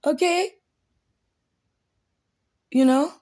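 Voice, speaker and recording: A woman's voice: sits high, drawn-out words, mellow, no echo, clean studio sound. A woman giving a candid, reflective monologue to camera, blunt and full of profanity. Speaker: vlogger.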